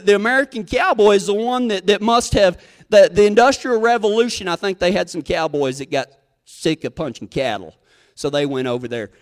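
Folksy high-voiced cowboy preacher. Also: male voice. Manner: folksy, drawling storyteller who acts out quoted voices. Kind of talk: storytelling sermon.

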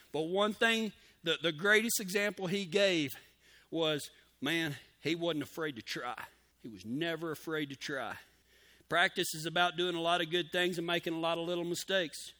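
A man's voice: high voice, bright, forceful tone. A man preaching a sermon in a folksy, emphatic way, with cowboy slang and key phrases repeated for emphasis.

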